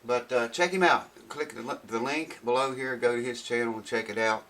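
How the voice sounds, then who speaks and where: A man's voice: medium pitch, normal speed, sharp tone, poor audio. A man chatting casually on his guitar repair vlog while unboxing parts, rambling and thinking aloud in a folksy way.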